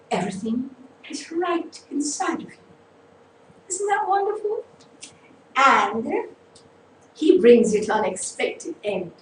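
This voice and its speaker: A woman who hosts a faith talk show, preaching with slow emphasis and rising repeated lines. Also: sits high, echoey room, recorded from a distance, a little hiss or hum, low-quality recording.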